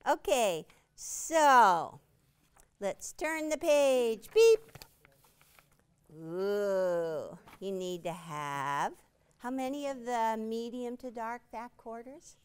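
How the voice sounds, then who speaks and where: A woman leads a quilting demonstration in a studio with a small audience listening. She takes her time, talking in a relaxed, playful way and stopping to quiz the room. Her voice comes through clean and smooth. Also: on the high side, drawn-out words. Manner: chatty, playful, quizzes the audience. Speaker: quilting instructor and show host. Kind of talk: live product demonstration.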